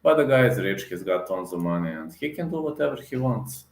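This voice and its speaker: Low-voiced man ranting in a roomy room. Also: expressive, brisk. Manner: repetitive, emphatic, many fillers and restarts. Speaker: MMA reaction vlogger. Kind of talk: heated casual rant to camera.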